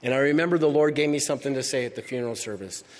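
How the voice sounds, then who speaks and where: A man preaching a sermon as pastor. He is emphatic, repeats key phrases and builds to loud peaks. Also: mid-range voice, rapid-fire. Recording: long reverb of a large hall.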